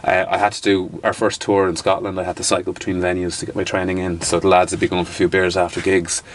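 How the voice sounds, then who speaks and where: A man in his thirties with an Irish accent is a guest in a casual interview, animatedly telling stories, restarting sentences, and swearing now and then. His voice is low-pitched and quick, with a little hiss or hum on the recording.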